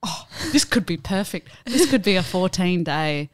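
Young aussie woman cohosting a podcast, teasing and quick with jokes. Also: fairly low pitch, lively intonation, no echo, clean studio sound. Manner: teasing, quick-witted, laughing along. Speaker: podcast co-host. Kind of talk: casual chat.

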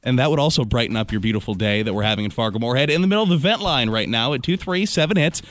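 A man's voice: medium pitch, expressive, rapid-fire, fairly bright tone. A man hosting a morning radio show, bantering playfully and riffing on silly ideas. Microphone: studio microphone.

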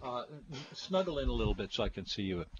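An older man with a lively, sing-song pitch teases his partner, echoing her words back at her. The sound is dull and lo-fi with a faint hum of room noise behind. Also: quick pace. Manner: teasing, repeats words back. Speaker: co-host. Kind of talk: casual chat about food.

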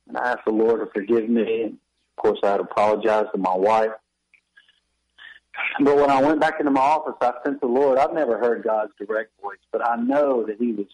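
A man's voice: mid-range voice, darkish tone, breathy edge, rough recording. A man, a pastor and author, telling a candid, confessional personal story in a radio interview with wry self-deprecating humor.

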